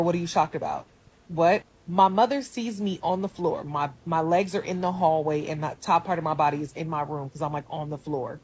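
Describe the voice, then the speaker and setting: A woman with a husky, breathy voice tells a personal story. She sits a little low in pitch and jumps between hushed and loud moments. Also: poor audio. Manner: animated retelling with shifts in volume.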